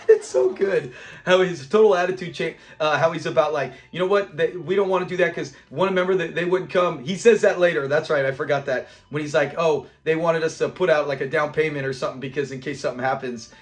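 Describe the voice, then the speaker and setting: A man hosting a casual review of a sitcom episode, retelling scenes in an animated way, quoting characters and laughing often. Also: fairly high pitch, a little fast.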